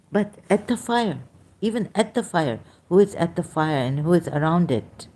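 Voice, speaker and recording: A woman talks through scripture verses in an informal lecture, pausing often to search for her next point. Her English has non-native phrasing. Her voice sits low and mellow, and she moves slowly. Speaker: religious critic presenting scripture.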